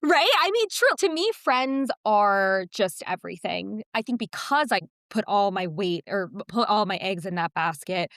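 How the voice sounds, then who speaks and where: A woman in her thirties co-hosting a podcast, talking candidly and self-deprecatingly about her fears, lively when she quotes herself. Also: medium pitch, normal speed, few pauses, no echo, studio quality. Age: 30s. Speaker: podcast co-host. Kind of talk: casual chat.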